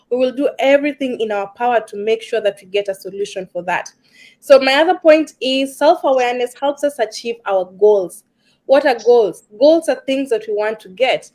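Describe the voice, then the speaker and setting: Woman stress coach with an East African accent, fairly high voice, earnest, repeats words for emphasis. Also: animated, fairly quick, a little mellow. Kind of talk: casual discussion.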